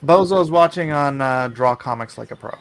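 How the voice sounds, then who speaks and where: A man's voice: medium pitch, moderate pace, background noise. A man hosting a casual live stream, chatting and reading out viewer comments. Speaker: livestream host.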